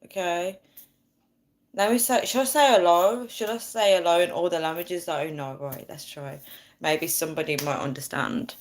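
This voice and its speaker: A woman's voice: lowish voice, normal speed. A woman in her thirties hosting a casual phone live stream, chatty and bubbly, reading out viewer comments. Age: 30s. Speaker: livestream host.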